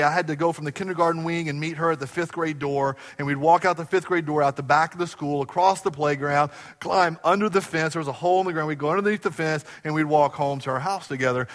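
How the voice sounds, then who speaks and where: A man preaching a sermon to his congregation in a church, telling stories with animated bursts and quiet asides. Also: on the high side, in a large hall. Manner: animated storytelling, swinging between loud bursts and quiet asides. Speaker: pastor. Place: church sanctuary.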